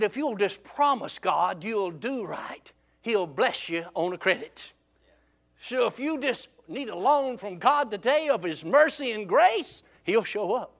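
A man preaching, telling a folksy story in a lively, drawling way. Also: high-pitched.

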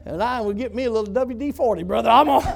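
A man's voice: extremely high pitch, rapid-fire, gravelly, noisy background. A man telling a testimony story as a former prison pastor, in a folksy, emphatic way.

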